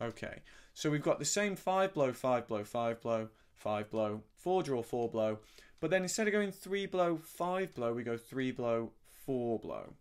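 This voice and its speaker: A middle-aged man teaching a harmonica lesson in a relaxed, gentle, explanatory way, sometimes humming syllables to show a sound. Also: mid-range voice, measured pace, few pauses, smooth. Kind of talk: relaxed spoken music lesson.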